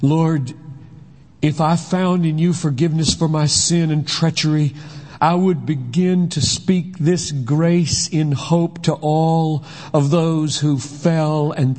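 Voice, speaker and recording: A man voicing a grieving, remorseful male apostle in solemn, measured verse. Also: on the high side, steady tone, darkish tone, voice pushed up. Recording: long hall reverb.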